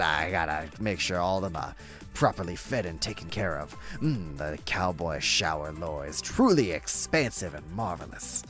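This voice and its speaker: A man streaming a video game live, joking and rambling through drawn-out gags into a desk microphone. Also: deep voice, big pitch swings, fairly bright tone, faint music behind.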